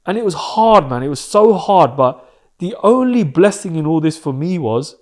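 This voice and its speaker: A man's voice: on the high side, animated, moderate pace, a little mellow. Candid man telling his story. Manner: candid, emotional, swears, slangy. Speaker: podcast guest. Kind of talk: personal storytelling.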